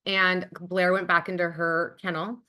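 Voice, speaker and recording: Woman on a webinar video call, lowish voice, upbeat and chatty, lots of ums and likes. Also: little pitch movement, unhurried, bright, forceful tone, smooth. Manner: enthusiastic and conversational, with frequent ums and likes. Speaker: charity program leader presenting on a webinar. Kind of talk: webinar presentation.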